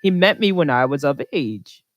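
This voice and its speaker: A woman's voice: low-pitched, lively intonation, normal speed, no echo. A woman in her twenties with a New Jersey accent, hosting a casual podcast over a voice call in a blunt, sarcastic, self-mocking way. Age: 20s. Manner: blunt, sarcastic, laughing at herself. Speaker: podcast host. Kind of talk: casual chat. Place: online voice chat from home.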